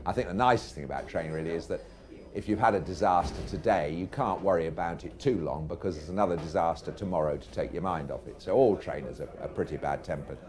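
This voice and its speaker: A man's voice: sits low, quick pace, crowd noise. A middle-aged man, a racehorse trainer, telling anecdotes in a dry, erudite way to a live audience in a pub. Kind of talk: anecdotal storytelling.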